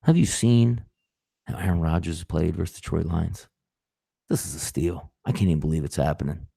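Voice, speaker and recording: A man putting on a hushed low bettor voice. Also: brisk, heavily acted. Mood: awed, hushed. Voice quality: low, breathy, hushed "radio voice". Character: hushed gushing male sports bettor, over-eager. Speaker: sports betting analyst.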